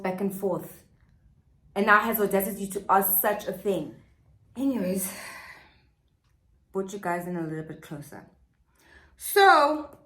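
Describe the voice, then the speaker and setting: Sassy woman telling a story. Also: medium pitch. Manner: animated, sassy storytelling, acting out quotes. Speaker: vlogger. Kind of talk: storytime vlog. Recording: roomy echo.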